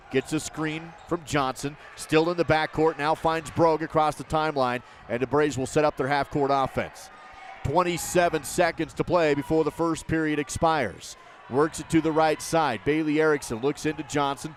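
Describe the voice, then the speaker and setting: Man, play-by-play announcer, fast running calls, higher voice, faint noise behind. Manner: rapid running commentary, calls each pass and shot. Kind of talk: basketball play-by-play commentary.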